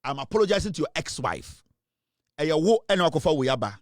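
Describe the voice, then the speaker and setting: A man's voice: on the high side, sing-song, brisk, no room sound, clean studio sound. A man hosting a live talk show, delivering repetitive, threatening accusations. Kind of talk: heated live commentary.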